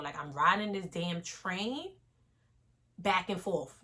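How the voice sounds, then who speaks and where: A young woman, telling an animated casual storytime vlog straight to her viewers. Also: on the low side, slow pace, long pauses.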